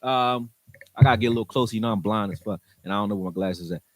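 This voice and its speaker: A man's voice: fairly low pitch, quick pace, dry recording. A man hosting a sports show who breaks down football plays in casual, frank and slangy talk, with some swearing, speaking straight to his viewers. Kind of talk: casual football film commentary.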